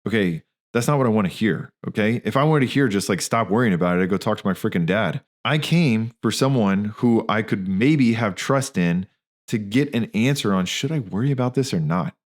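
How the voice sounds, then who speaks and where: Candid, slangy man with a low voice. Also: lively intonation, fairly quick. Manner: candid, slangy, emphatic storytelling. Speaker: podcast host, physician and practice owner. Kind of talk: casual spoken monologue.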